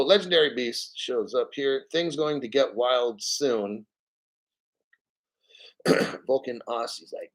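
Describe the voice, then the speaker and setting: A man's voice: a little high, creaky, a bit bright. A man hosting a crypto channel in casual livestream chat, blunt, profane and rambling.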